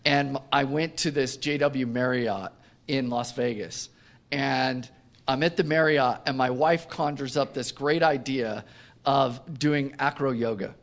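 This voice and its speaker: A man as an interview guest, telling a self-mocking personal story in casual conversation with lively delivery. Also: mid-range voice, unhurried. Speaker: company co-founder, interview guest.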